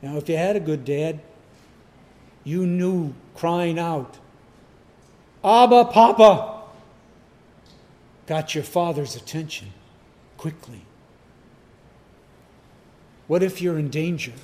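Slow, high-voiced male preacher. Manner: emphatic, repeats key phrases, rises to sudden loud cries. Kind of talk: sermon.

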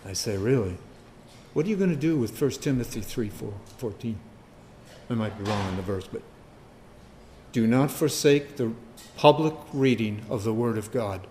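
A man preaching a sermon, firing rhetorical questions and swinging from loud emphasis to quiet asides. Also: medium pitch, lively intonation, normal speed, pauses often, slight background noise.

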